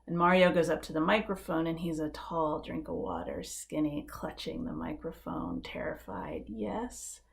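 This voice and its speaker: A woman minister giving a sermon from her living room, telling a story in a measured, earnest way with quiet emphasis. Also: low-pitched, creaky. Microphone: live-stream setup.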